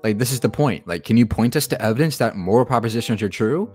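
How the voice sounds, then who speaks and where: A man's voice: mid-range voice, fast talker, a little mellow, breathy edge, faint music behind. A man hosting a reaction video, arguing his point with rhetorical questions and sarcasm. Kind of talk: casual argumentative commentary.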